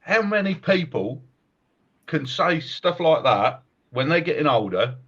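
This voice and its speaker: Brief: middle-aged host, fairly high voice, lively storyteller, dull lo-fi line. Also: male voice, measured pace, husky. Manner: animated storyteller, laughs often. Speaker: podcast host, martial arts coach. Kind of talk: casual chat.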